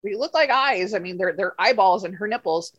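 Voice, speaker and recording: A woman's voice: mid-range voice, lively intonation, brisk, a bit bright, muffled recording. A woman hosting a podcast, ranting about a bad film in casual, profane, rambling chat. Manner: profane, rambling, exasperated storytelling. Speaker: podcast host reviewing a film.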